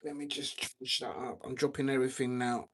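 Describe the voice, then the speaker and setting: A man's voice: medium pitch, little pitch movement, a little fast, fairly bright tone, slight background noise. A tired man hosting a football watch-along live stream, rambling casually, using many fillers and reading out viewer comments.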